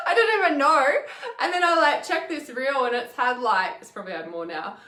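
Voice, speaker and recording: A woman in her thirties, a healer and mentor, chats casually on a livestream while reading comments, laughing a lot and swearing freely in a candid way. Her voice is high and sharp with lively intonation, a little fast, in an echoey room.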